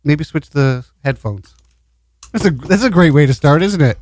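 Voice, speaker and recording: A man's voice: a little high, lively intonation, normal speed, a little mellow, dry recording. A man co-hosting a community radio show, bantering crudely and playfully in the studio. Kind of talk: loose, joking studio banter.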